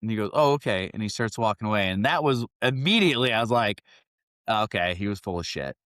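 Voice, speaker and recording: A man's voice: on the low side, fast, no echo, clean studio sound. A young man from the Chicago area of Northwest Indiana, telling a rambling, profane story on a casual podcast and acting out the people in it. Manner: profane, rambling, animated when acting out quotes. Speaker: podcast co-host.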